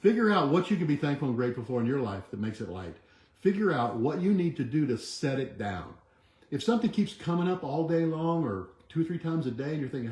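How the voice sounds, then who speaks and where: A man's voice: mid-range voice, sing-song, brisk, a little mellow. A man hosting a weekly wellness video, giving a motivational talk and coaching listeners through movements and repeated affirmations. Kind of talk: motivational talk with guided exercise. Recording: echoey room.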